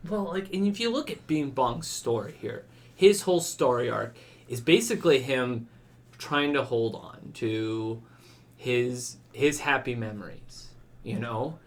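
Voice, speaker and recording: A man's voice: mid-range voice, lively intonation, measured pace. Chatty man rambling through a podcast. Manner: rambling, many "like" fillers, acts out quoted lines. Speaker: podcast co-host. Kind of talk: casual chat.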